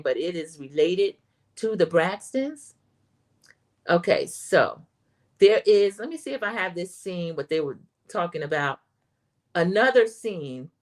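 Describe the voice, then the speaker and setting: A woman of ordinary mid-range pitch hosts a relaxed recap livestream. She chats straight to her audience as y'all and reads their comments aloud as she goes. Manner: chatty, addresses viewers as y'all, reads chat comments aloud. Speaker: show host recapping reality TV.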